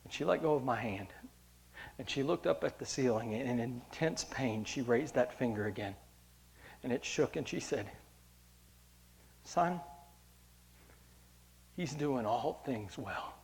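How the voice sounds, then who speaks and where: A pastor speaks directly to his congregation at a moderate pace, his mid-range voice carrying vocal fry. His sermon goes back and forth between hushed stories and loud, impassioned preaching.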